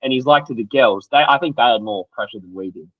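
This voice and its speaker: A young Australian man, an athlete guest, telling race stories in an animated, slangy way and acting out what others said. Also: mid-range voice, fast, dry recording. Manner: animated, acts out quotes, loose and slangy. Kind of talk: casual storytelling interview. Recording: dry, slightly dull podcast audio.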